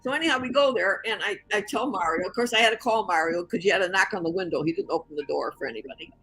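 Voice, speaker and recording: Husky older woman telling a story. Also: mid-range voice, rapid-fire, dry recording, soft background music, rough recording. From Chicago area. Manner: animated storyteller who acts out the voices in her story. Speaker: interview guest. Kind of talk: storytelling in an interview.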